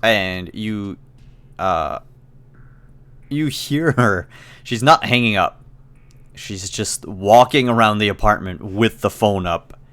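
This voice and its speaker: A man running a tabletop role-playing game as game master, describing scenes in a relaxed, hesitant way with frequent fillers. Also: on the low side, slow pace, long pauses.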